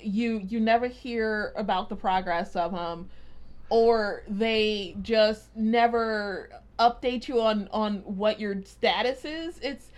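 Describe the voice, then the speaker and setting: Woman, podcast guest, casual chat, repeats words, average pitch. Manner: quick, repeats words while thinking.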